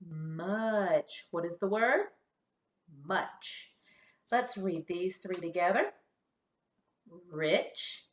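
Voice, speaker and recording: A woman teaching a kindergarten phonics lesson, sounding out letters slowly and cheering the children on. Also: on the low side, reverberant. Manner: slow, exaggerated sound-by-sound modeling with lively praise.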